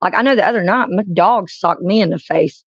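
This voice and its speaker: Her voice lowish and her pace moderate, a female streamer meanders through anecdotes in relaxed chat, laughing frequently. The audio sounds dry and muffled.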